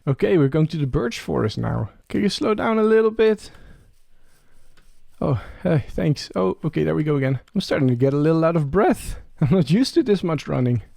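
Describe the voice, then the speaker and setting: Young male gamer, chatty commentary, slightly higher voice, dry sound. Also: vocal fry, dry recording. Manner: chatty, talks to game creatures, excited rising questions. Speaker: Let's Play creator. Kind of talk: casual gameplay commentary.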